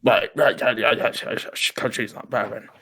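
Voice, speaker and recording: A man's voice: medium pitch, moderate pace, gravelly, bright, forceful tone, husky. Man in a mock elderly British manner. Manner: playful, mock-British old-man way of talking. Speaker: podcast co-host. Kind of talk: casual joking chat.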